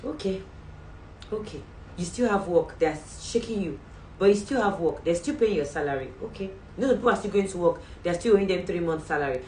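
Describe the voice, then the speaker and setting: A Nigerian woman hosts a faith show and speaks in an earnest, exhorting, chatty way. Her voice sits a little low. She is recorded a step away from the mic in a roomy space with a faint hum behind her. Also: expressive, a little fast, a little mellow, far from the mic. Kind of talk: livestream sign-off talk.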